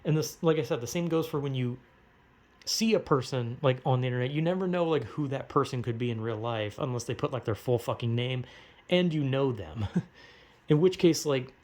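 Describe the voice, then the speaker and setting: A man's voice: mid-range voice, normal speed, a little mellow. A young man vlogging from home, rambling in a casual monologue full of filler words and swearing, laughing between thoughts. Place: at home, cooking.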